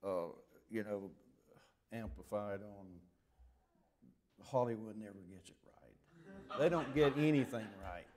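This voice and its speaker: Speaking slowly in a fairly low voice, an older man with a Southern Alabama accent delivers a folksy sermon introduction as a visiting preacher. He drawls through joking stories at the church microphone in the sanctuary, with a crowd audible behind him.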